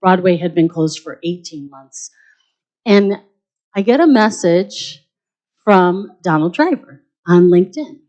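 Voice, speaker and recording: A woman who leads an arts center, telling a lively, quick anecdote at a luncheon panel with plenty of fillers. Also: fairly low pitch, lo-fi sound.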